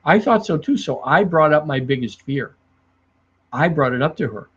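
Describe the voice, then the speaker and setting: A middle-aged man who trains salespeople. He talks in a lively way to the camera and acts out his clients as he tells stories. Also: fairly high pitch, normal speed, breathy edge. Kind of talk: speaking to the camera about selling. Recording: dull lo-fi sound.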